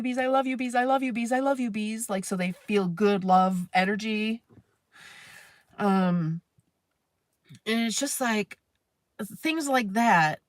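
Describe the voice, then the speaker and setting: A woman's voice: a little high, a bit bright, no room sound. A woman hosting a live stream, venting in a candid, rambling, profane way. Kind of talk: casual venting monologue.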